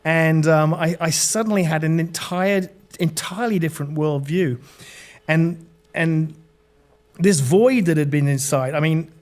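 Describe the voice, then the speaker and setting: In an interview on a podcast, a middle-aged man from Britain earnestly recounts his personal testimony in a slightly higher voice, often stumbling and restarting mid-thought.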